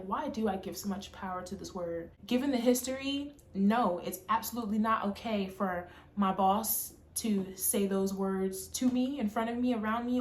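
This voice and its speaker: A young adult woman telling a personal storytime tale in an animated, emphatic way. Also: mid-range voice, echoey room. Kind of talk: storytime monologue.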